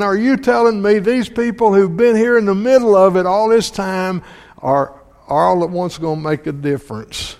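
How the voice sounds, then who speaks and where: A man with a high-pitched, darkish voice preaches a sermon, reading scripture and asking the congregation many questions. He often repeats words as he restarts, and the recording carries a long hall reverb.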